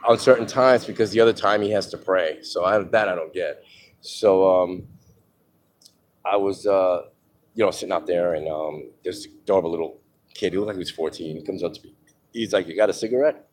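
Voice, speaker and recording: A man with a low, slightly mellow voice tells candid stories from his own life at a moderate pace, rambling, swearing and using lots of fillers while handing out blunt advice to listeners. There is slight background noise.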